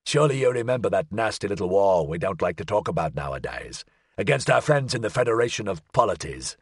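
A man's voice: on the low side, very animated, fast, husky, dry recording, studio quality, heavily acted. A man doing a curt, grim soldier. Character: shaken, secretive male soldier.

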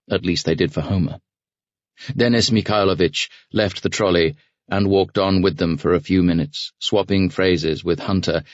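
Low-voiced guy reading an audiobook, steady and measured, dry slightly dull studio sound. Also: no echo. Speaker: audiobook narrator. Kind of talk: scripted audiobook narration.

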